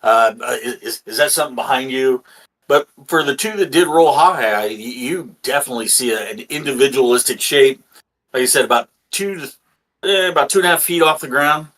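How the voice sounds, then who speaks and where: A man's voice: medium pitch, brisk, a bit bright, rough recording. A man running a tabletop role-playing game as dungeon master, rambling and restarting with lots of fillers.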